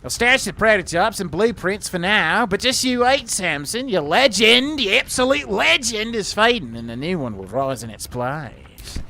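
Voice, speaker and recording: A cocky young apprentice sneers at his master in a put-on Australian accent, as a man reads him out for a game. The voice sits high and bright and swoops up and down. The delivery is hammy and halting. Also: very animated, gravelly, slight background noise, heavily acted. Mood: boastful. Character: ambitious young male apprentice, boastful and scornful.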